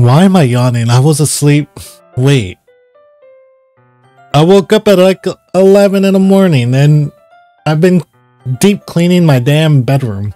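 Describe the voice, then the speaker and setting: A man's voice: on the high side, lively intonation, a little slow, pauses often, mellow, no echo, soft background music. Laid-back man swearing through game commentary. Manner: swears and laughs, reads game dialogue aloud. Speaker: gaming channel host. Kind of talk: casual let's-play commentary.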